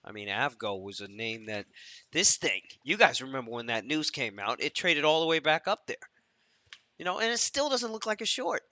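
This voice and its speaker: A man talks through his trades on a live stream, muttering and cursing to himself as he goes. His tone is sharp and cutting. The sound is dry and close, with no room around it. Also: mid-range voice, sing-song, moderate pace, dry recording. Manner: thinks aloud, profane, mutters to himself. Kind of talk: live trading commentary.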